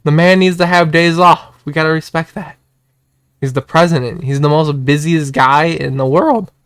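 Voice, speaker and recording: Young male streamer, slightly high, smooth voice, excitable rant, dry close mic. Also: normal speed, no echo. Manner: excitable, repetitive, swears and shouts when worked up. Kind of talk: casual political rant to chat.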